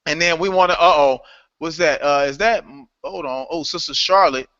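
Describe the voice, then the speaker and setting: A man hosting a live online call, welcoming new members in a lively, playful way and laughing often. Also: on the high side, moderate pace, dry recording. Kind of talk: casual live call-in chat. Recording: dull lo-fi online call audio.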